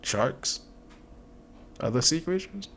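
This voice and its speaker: A man's voice: on the high side, expressive, a little hiss or hum. A man hosting a reaction video, firing off incredulous questions in a casual commentary style. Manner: incredulous, rapid-fire questioning.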